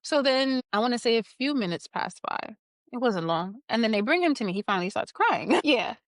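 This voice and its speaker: A woman guest on a podcast, candidly telling a personal story in an animated way and laughing now and then. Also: fairly high pitch, a little fast, no echo, studio quality.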